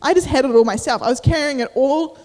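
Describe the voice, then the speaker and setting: Young woman, high voice, sermon, casual and emotional delivery, long hall reverb. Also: quick pace, darkish tone. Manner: casual, emotional, uses many fillers. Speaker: preacher. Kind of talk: sermon with personal story.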